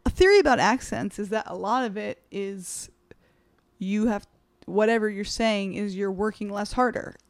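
A young woman co-hosts a podcast, chatting in a playful, loose way and laughing often. Her voice is full of vocal fry. It is recorded dry and close. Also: mid-range voice, moderate pace, no echo. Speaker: podcast host. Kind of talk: casual chat.

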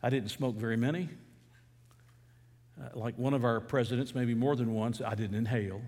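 A middle-aged man preaches from the pulpit, telling stories in a plain conversational way that swells into fervent emphasis. His voice sits at an ordinary mid pitch. The sound carries a long, echoing church-hall reverb. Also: fairly even intonation, moderate pace, darkish tone, a little hiss or hum. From Atlanta, USA. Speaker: pastor. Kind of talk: sermon.

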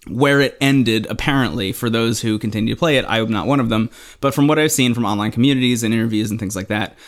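A man talks in a loose, rambling way, full of fillers and casual swearing. His voice sits at an ordinary middle pitch. It sounds like a relaxed podcast chat between friends. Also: quick pace. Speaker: podcast co-host.

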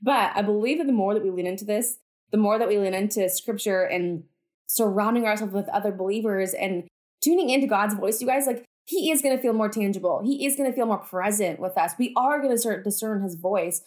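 A woman's voice: mid-range voice, brisk, darkish tone. A woman hosting a podcast, talking to her listeners about faith in a chatty, earnest way, full of "like" and "you guys", and declaring things with conviction. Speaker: podcast host. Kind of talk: casual faith talk to listeners.

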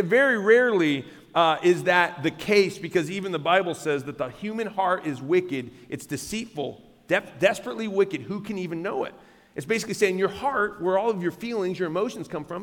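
In a church sanctuary, a male pastor preaches emphatically, often repeating words and restarting phrases. His voice sits high and a bit bright, trailed by a long reverb.

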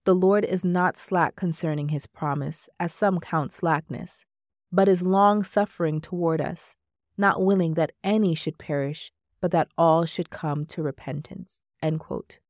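Woman narrator, lowish voice, dry close sound, measured devotional book reading. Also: dry recording. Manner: measured, steady reading that marks each quote aloud. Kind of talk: scripted narration reading aloud.

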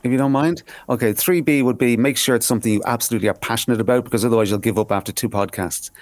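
A quick-talking man, chatting on a podcast. He is animated and jokey, and often stumbles over repeated words when he gets excited. The sound is close and dry, with no room around it. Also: mid-range voice, no echo. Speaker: podcast co-host. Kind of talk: casual podcast chat.

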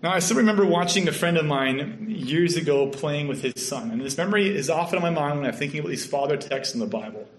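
A man from Canada with a Canadian accent, preaching a sermon with earnest storytelling that sometimes drops to a soft hush. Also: fairly high pitch, expressive, fast talker, few pauses. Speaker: pastor. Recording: echoey room.

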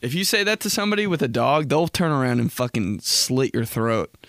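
A man's voice: mid-range voice, brisk, no echo, studio quality. A man hosting a podcast, telling stories in a casual, profane, rambling way. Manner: profane, rambling, animated storytelling. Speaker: podcast host. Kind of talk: casual comedic monologue.

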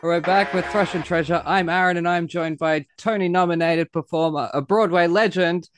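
A man hosting a podcast, bubbly and quick, chatting casually with a guest on a close mic. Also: a little high, steady tone, over music. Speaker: podcast host. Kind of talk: casual interview chat.

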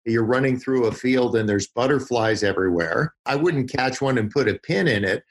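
A man with a husky, slightly rough voice speaks as a podcast guest. He talks in a folksy storytelling way and leans on vivid images. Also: mid-range voice, moderate pace. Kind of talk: podcast interview.

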